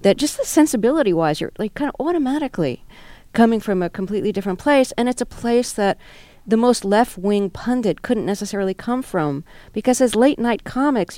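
A woman's voice: mid-range voice, dark tone, no room sound. A woman hosting a radio interview program, asking curious questions and laughing readily.

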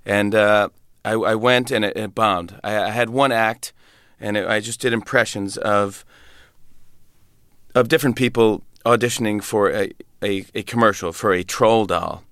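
A male comedian guest who tells his stories with animated energy, stammering and restarting as he goes. His voice is smooth and resonant. The studio sound is dry and close, with no room echo. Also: lowish voice, normal speed. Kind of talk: casual anecdote in an interview.

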